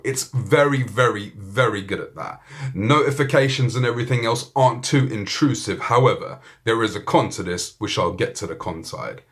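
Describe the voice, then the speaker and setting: A man's voice: mid-range voice, fairly bright tone. A man with a British accent giving a casual, joking gadget review, full of swearing and banter. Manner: profane, joking, laid-back. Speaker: tech reviewer.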